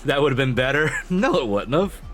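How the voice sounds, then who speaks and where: A man's voice: medium pitch, very animated, fairly quick, fairly bright tone, faint music behind. A man streaming live, chatting casually with his viewers, swearing freely and laughing often.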